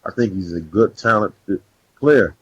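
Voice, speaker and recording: A man's voice: lowish voice, lively intonation, measured pace, breathy edge, no echo. A man co-hosting a podcast, arguing sports points in slangy casual talk and reeling off stats. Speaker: podcast co-host. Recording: dry, dull, slightly muffled mic.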